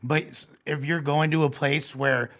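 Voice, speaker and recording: A man's voice: a little high, fairly even intonation, normal speed, fairly bright tone. A man co-hosting a podcast in casual chat, cutting in with blunt jokes. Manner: blunt, joking interjections.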